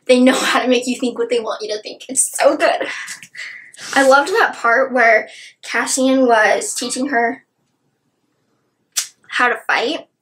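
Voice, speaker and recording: A woman's voice: on the high side, a bit bright. A young woman gushing about a book in a casual review chat, her sentences full of "like". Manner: gushing, filler-heavy with many "like"s.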